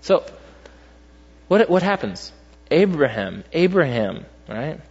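A man's voice: a little high, very animated, slow pace, darkish tone, breathy edge. A young adult man preaching a sermon in a conversational way, peppering his points with "right?" and telling stories with animation. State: tired. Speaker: pastor. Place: large church hall. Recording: muffled, long hall reverb.

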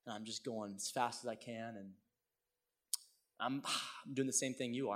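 A middle-aged male pastor telling a personal story in a sermon, swinging from hushed tones to loud exclaims. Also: medium pitch, steady tone, moderate pace, long pauses.

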